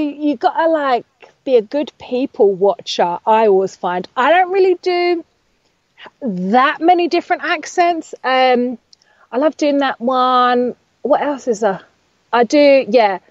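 A woman voiceover artist and speaking coach, talking casually as an interview guest. Her fairly high voice rambles along, full of fillers and restarts. The sound is dry and a little dull, like a lo-fi home setup. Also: no echo.

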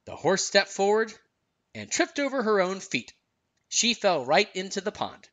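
Man, storyteller dad, bright, very lively pitch, storybook narration. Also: unhurried, no room sound. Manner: expressive, sing-song reading. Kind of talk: storybook read-aloud narration.

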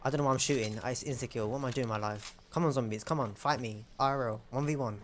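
A man's voice: medium pitch, racing, a little hiss or hum. A young man giving casual, self-mocking gameplay commentary and chatting to the enemies. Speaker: gamer.

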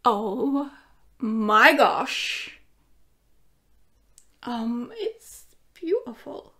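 A woman with a fairly high voice records a casual unboxing vlog from home. She talks in an unhurried, drawn-out way, gushing with excitement and chatting to her dog between thoughts. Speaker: vinyl collecting YouTuber.

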